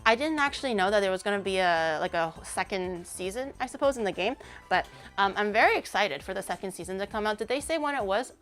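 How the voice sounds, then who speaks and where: A young woman livestreamer chatting casually with her viewers, animated, giggly and jokey. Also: medium pitch, fast talker, soft background music. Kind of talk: casual stream chat.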